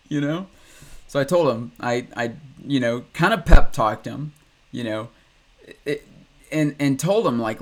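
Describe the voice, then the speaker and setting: A man who is an ex-Christian reaction host rants casually in a reaction video, speaking a little slowly at medium pitch with lively intonation. He rambles, swears frequently, restarts, and laughs often.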